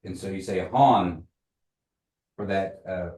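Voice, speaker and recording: Low-voiced man teaching a class, echoey room. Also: warm tone, recorded from a distance. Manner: patient, joking, repeats phrases slowly for the class. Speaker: language teacher. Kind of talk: community language class.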